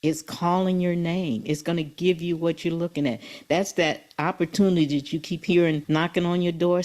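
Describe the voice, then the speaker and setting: Low-voiced woman in her seventies. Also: darkish tone. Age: 70s. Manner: earnest, emphatic storytelling. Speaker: guest. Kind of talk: motivational interview.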